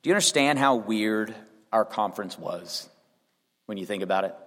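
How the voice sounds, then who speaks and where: A man's voice: lowish voice, animated, moderate pace, fairly bright tone. A man preaching a sermon and reading scripture aloud, earnest and rising to emphatic peaks. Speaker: pastor. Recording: long hall reverb.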